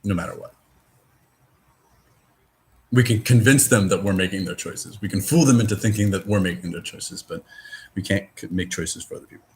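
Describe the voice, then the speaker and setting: In a casual discussion, a low-voiced man rambles and halts, filling gaps with fillers, restarting sentences, and swearing now and then.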